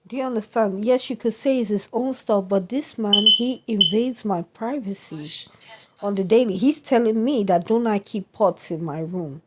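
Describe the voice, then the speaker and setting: A woman's voice: medium pitch, normal speed, slight background noise. A woman venting indignantly to camera in a vlog, often asking her listeners whether they understand. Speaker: vlogger.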